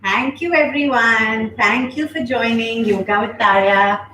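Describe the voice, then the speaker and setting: Gentle woman guiding a yoga breathing session. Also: a little high. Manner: calm, gentle and slow while guiding breathing. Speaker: yoga instructor and host. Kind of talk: guided yoga instruction and live chat. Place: home, indoors. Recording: echoey room with faint noise.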